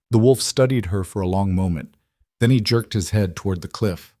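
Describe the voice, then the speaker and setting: A man narrating a fantasy story in an even, measured way. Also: lowish voice, dry recording, studio quality. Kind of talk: scripted audiobook narration.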